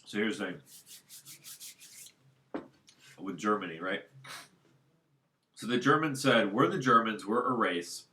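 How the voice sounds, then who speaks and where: A man's voice: fairly low pitch, lively intonation, unhurried, pauses often, pushed and bright. A man talking alone at home in a casual, unscripted monologue, rambling and circling back to his points. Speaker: solo commentator.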